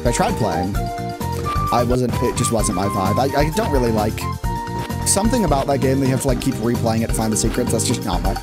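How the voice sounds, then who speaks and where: A man's voice: mid-range voice, sing-song, a little fast, loud music behind the voice. A man giving casual, rambling commentary while streaming a game, restarting his sentences and breaking into laughs.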